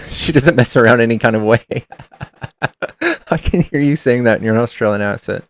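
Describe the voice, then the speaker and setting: A male streamer talks loosely with his chat, reading passages aloud and reacting with frequent swearing. His voice sits at an ordinary middle pitch. The close mic sounds dry, with no room around it. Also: moderate pace, no room sound. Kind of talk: casual livestream chat.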